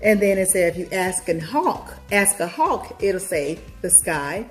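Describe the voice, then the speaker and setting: Woman, casual vlog, chatty, middle pitch, excited voice jumps, soft music behind. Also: measured pace. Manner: chatty, talks straight to viewers, big excited pitch jumps. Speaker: vlogger. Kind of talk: casual inspirational book reflection.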